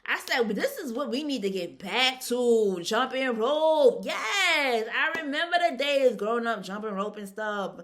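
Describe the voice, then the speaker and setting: Bright-voiced woman recapping a show. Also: on the high side, measured pace, few pauses. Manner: chatty and animated, laughs often, colloquial. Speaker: reality show recap vlogger. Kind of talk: casual episode recap.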